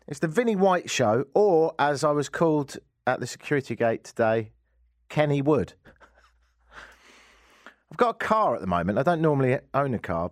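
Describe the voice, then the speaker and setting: Wry English radio host, lively delivery. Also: male voice, on the low side, no room sound, clean studio sound. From England. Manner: wry, exasperated comic ranting. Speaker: radio talk show host. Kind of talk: casual comic radio monologue. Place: radio studio.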